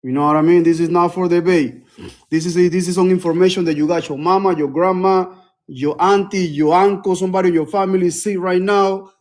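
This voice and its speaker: A man's voice: high-pitched, fairly even intonation, brisk. A man talking casually on a phone livestream, repeating himself and urging viewers to act. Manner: repetitive, preachy, calls out to viewers.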